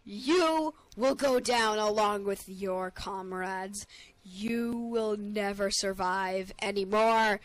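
A woman voicing a female nature spirit boss in a game, making slow, threatening declarations. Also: mid-range voice, steady tone, no room sound, natural voice. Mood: menacing.

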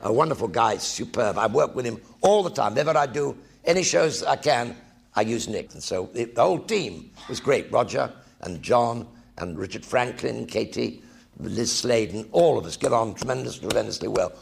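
An older English man telling lively anecdotes about his acting career in a one-man stage show, acting out the colleagues he quotes. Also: mid-range voice, normal speed, creaky, slightly rough. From England.

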